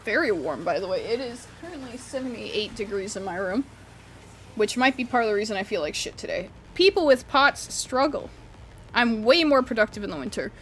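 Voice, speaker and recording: A woman's voice: mid-range voice, lively intonation, fairly quick, a bit bright, a little hiss or hum. A young woman streaming from her room, chatting casually, rambling, swearing freely and cutting off words. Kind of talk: casual livestream chat while drawing.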